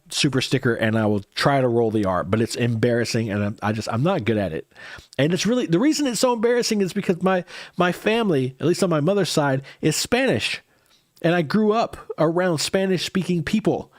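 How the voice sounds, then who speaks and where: A man's voice: mid-range voice, no echo, clean studio sound. A man with a head cold, tired and congested, hosting a music reaction livestream and answering viewer comments in casual chat.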